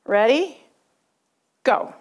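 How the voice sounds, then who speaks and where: A woman teaching a speaking lesson, with a patient, instructive delivery and a slightly higher voice. She is middle-aged and from Southern California, and she walks her students through each step clearly. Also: lively intonation, very slow, darkish tone. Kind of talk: classroom instruction.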